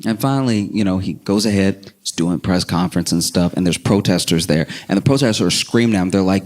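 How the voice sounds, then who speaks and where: Animated male stand-up comedian. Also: medium pitch, quick pace, hardly any pauses. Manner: animated, acts out characters. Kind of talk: stand-up storytelling.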